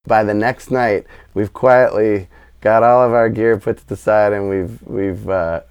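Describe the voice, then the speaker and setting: A man telling a road story as a podcast guest, lively and quoting people in animated voices. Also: lowish voice, measured pace, smooth, muffled recording. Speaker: guest musician. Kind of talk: storytelling anecdote.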